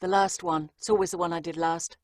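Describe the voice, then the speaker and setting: A woman audiobook narrator answering interview questions in a chatty, lively way, with frequent ums and asides. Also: on the low side, brisk, no room sound, studio quality.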